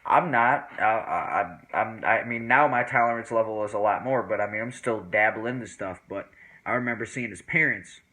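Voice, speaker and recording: A man telling a casual personal story to the camera in a laid-back, slang-heavy way, acting out other people's voices in a higher pitch. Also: normal speed, poor audio. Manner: animated, acts out friends' voices in higher pitch. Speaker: vlogger.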